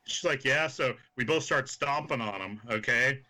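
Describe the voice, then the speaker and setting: Guest wrestler, male, from Kansas, sharp bright tone, swears and acts out quotes. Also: medium pitch, brisk, hardly any pauses. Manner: animated, swearing anecdotes full of quoted voices. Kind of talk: casual storytelling chat.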